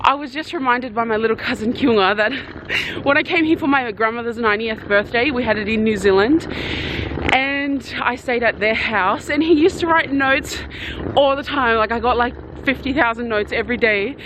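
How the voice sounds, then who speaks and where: A woman with a slightly high voice talks casually to her camera, calling her viewers "guys" as she travels. Loud noise from her surroundings sits under her voice. She sounds chatty and open. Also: moderate pace. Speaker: vlogger. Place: travelling through airport and outdoors. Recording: noisy background.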